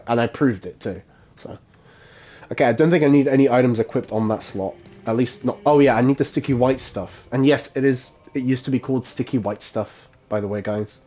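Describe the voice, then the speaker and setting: A man at an ordinary middle pitch talks casually into his microphone during a live gameplay stream. He rambles, laughs often and swears offhandedly while explaining his moves to viewers. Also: darkish tone. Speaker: game streamer.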